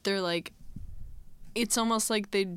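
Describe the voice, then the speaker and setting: A young woman co-hosts a casual podcast. She talks at an easy, middling pitch and retells TV scenes with frequent laughs and "like" fillers. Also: fairly even intonation, measured pace, fairly bright tone, clean tone, no room sound. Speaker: podcast co-host. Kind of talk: casual chat recapping a TV show.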